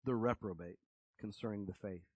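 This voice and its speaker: A man's voice: on the low side, moderate pace, slightly rough, no echo. Folksy preacher man, dry close sound. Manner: folksy, animated storytelling with acted-out quotes. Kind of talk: conversational sermon.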